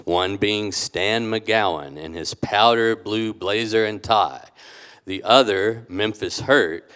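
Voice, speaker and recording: A man reading from his novel at a live literary event, in a slow, measured way. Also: low voice, fairly bright tone, clean tone, big-room sound. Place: literature house event hall.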